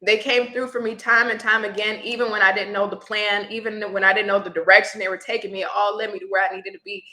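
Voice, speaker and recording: Woman guest, reflective and emotional storyteller, bright tone, roomy echo. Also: mid-range voice, little pitch movement, fast talker. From Houston area. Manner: reflective, gets teary at times. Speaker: tarot reader guest.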